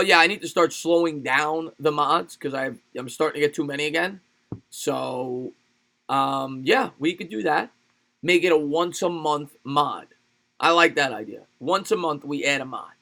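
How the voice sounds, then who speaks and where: Male stream host, excitable play-by-play, forceful bright tone, loose chatter between plays. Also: fairly high pitch, gravelly. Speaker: livestream sports host. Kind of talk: live play-by-play and chat with viewers.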